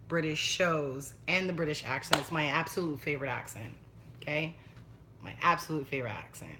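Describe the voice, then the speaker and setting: A woman's voice: low-pitched, fairly quick, bright, forceful tone, slight background noise. A young woman chatting casually and bluntly on a livestream, swearing freely. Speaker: vlogger.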